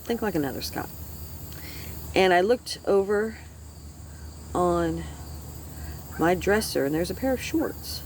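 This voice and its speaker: A woman's voice: on the low side, animated, slow pace, pauses often, a little hiss or hum. A middle-aged woman vlogging, telling a rambling personal story in a chatty, self-interrupting way and swearing freely. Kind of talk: rambling casual storytelling to camera.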